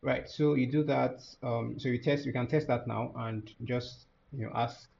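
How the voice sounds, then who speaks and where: Gravelly man walking through a tutorial. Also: medium pitch, fairly even intonation, moderate pace, a little mellow, lo-fi sound, slight background noise. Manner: thinking aloud with many fillers and restarts. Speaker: course instructor. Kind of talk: screen-share software tutorial.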